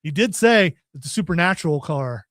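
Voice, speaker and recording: Man, high voice, dry close sound, folksy host chatter. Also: expressive, brisk, fairly bright tone, no echo. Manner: folksy, joking, plugs events. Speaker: podcast host. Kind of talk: casual chat.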